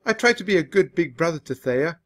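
A man reading a children's story aloud in an expressive, measured way for English learners. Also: fairly high pitch. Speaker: storybook reader.

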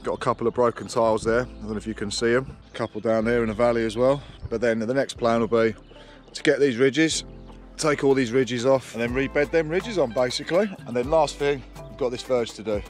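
A man's voice: mid-range voice, brisk, faint music behind. A man, a roofer, chatting casually outdoors on a roof and explaining each step of the job as he works, recorded on an action camera. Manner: chatty, explains while working. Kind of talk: casual work vlog.

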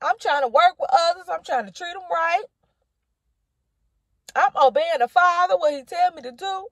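A woman's voice: extremely high pitch, moderate pace, dry recording. A woman minister preaching to camera with impassioned, rhythmic repetition, calling the listener honey and baby. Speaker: minister giving a prophetic word.

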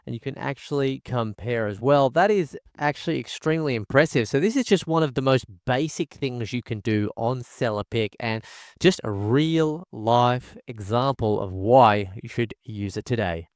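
A tech reviewer walks through a product in a screen recording, enthusiastic and packing "guys" and "folks" into nearly every sentence. His mid-range voice has lively intonation and a moderate pace, captured in dry, studio-quality sound.

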